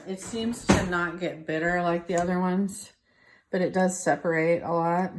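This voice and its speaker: In her home kitchen, a cooking show host with a fairly low voice demonstrates a dish, chatting relaxedly and thinking aloud as she works, occasionally wheezing and coughing. Kitchen clatter and heavy background noise fill the recording.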